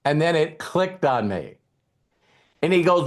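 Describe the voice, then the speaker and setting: A middle-aged man giving a motivational talk, retelling a conversation with halting repeats and emotion. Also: a little high, very animated. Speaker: network marketing trainer.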